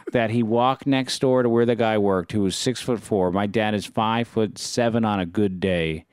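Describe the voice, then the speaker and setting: A man talking in a casual chat, worked up and animated as he tells his stories. His voice is smooth and clear, and the mic is close and dry with no room sound. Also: on the low side, normal speed, no room sound. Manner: animated, fired-up storyteller.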